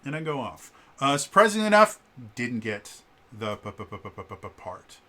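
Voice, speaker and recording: A man recounts a story for his vlog in a casual, animated way. His voice is bright and forward, sitting at an ordinary pitch. He stammers and restarts often and jumps up in pitch to act out what others said. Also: moderate pace. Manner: animated, acts out quoted lines with shifts in pitch; frequent fillers and stammered restarts. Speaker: vlogger.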